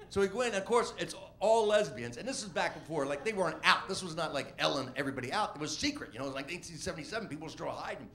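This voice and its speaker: A comedian telling a rambling, animated story about his early stand-up gigs. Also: fairly high pitch, quick pace, hardly any pauses. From Washington D.C. area. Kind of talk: storytelling interview.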